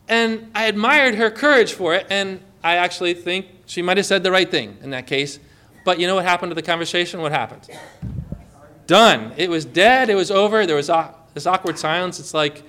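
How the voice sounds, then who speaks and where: A man's voice: sits high, normal speed, pushed and bright. A man giving an informal Christian teaching talk outdoors on a boat, conversational and full of rhetorical questions and stories.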